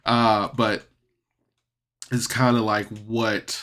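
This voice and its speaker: Male podcast reviewer, unhurried delivery, bright tense tone, loose chatty rambling. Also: medium pitch. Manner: rambling, chatty, often laughs. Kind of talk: casual solo review.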